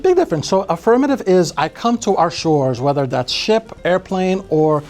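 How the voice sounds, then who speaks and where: A man from Brazil, an immigration lawyer, explaining cases in a podcast interview with animated delivery. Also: sits high, moderate pace, soft background music. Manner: animated, acts out quotes in other voices.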